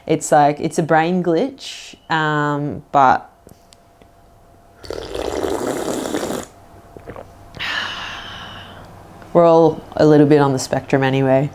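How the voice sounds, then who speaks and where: A woman with a notably low voice chats alone on her casual podcast. She rambles freely, leans on "like" and "um", and drifts into playful little accents as she talks. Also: slow, pauses often, darkish tone. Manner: rambling, fills talk with "like" and "um"; slips into playful put-on accents. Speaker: podcast host. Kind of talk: casual solo podcast chat.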